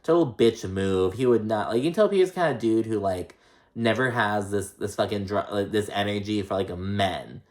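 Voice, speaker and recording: A man's voice: lowish voice, normal speed. A man giving a loose, chatty recap of a reality show, full of swearing and filler words, sometimes slipping into voices for the people he quotes. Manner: loose, profane, chatty with many "like"s and "um"s; acts out quoted lines in shifting voices. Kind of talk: casual recap commentary.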